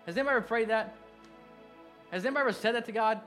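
An earnest middle-aged pastor with a drawl delivers a sermon in a fairly high voice. He swings between hushed, drawn-out lines and quick, animated bursts. Soft music plays faintly underneath.

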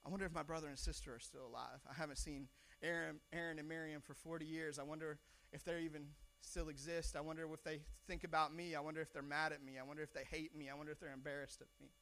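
A preacher playing a fretful old Moses. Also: male voice, high-pitched, animated, brisk, fairly bright tone. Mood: wistful. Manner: pleading, agitated. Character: anxious older Moses, male, fretful.

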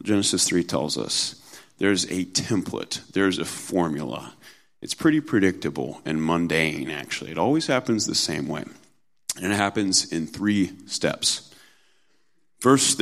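Deep-voiced man preaching a sermon. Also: gravelly. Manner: earnest preaching, slows for emphasis, mimics mocking tones in quotes. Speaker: pastor.

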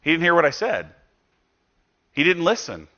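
A man preaching a sermon as pastor, conversational, asking the listeners rhetorical questions and acting out quoted speech with bursts of loudness. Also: fairly high pitch, wildly swooping pitch, normal speed. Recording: dull lo-fi recording.

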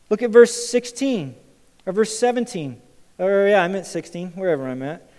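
A male pastor preaching a sermon to a congregation. He moves from loud, emphatic lines to quiet, intense ones. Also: high voice, lively intonation, moderate pace. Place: church sanctuary. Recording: church hall with long reverb.

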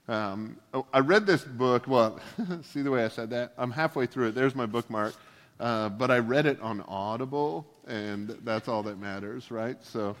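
A man's voice: lowish voice, a bit bright. A male pastor giving a casual sermon, full of joking, self-deprecating asides. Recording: long hall reverb.

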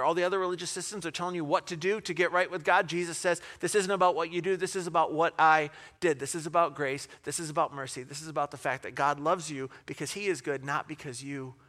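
A man preaching a sermon, telling a parable in an animated way, with asides and rhetorical questions. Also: high voice. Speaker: pastor.

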